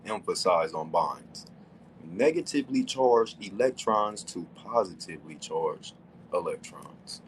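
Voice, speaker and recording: A man hosting a casual debate stream who teases his opponent and reads sources aloud, stressing key words. He talks slowly and deliberately. A faint hiss sits under the recording. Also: low voice, lively intonation.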